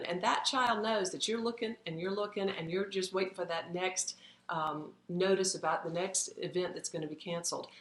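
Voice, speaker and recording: A woman's voice: fairly low pitch, fairly even intonation, normal speed, a bit bright. A woman talking through parenting advice on a live stream in an earnest, chatty way, with many fillers. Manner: earnest, conversational, lots of fillers. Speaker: parenting educator. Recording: echoey room, faint background noise.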